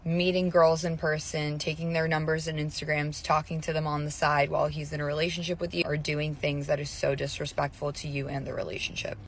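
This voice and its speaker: Woman ranting on video, deep voice, blunt and opinionated. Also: little pitch movement, a little fast, hardly any pauses, slight background noise. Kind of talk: casual vlog rant.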